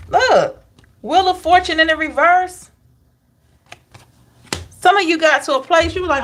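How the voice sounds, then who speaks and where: A woman giving a casual, chatty tarot reading to her viewers, animated, with laughs and asides to the chat. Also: a little high, a little slow. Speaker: tarot reader.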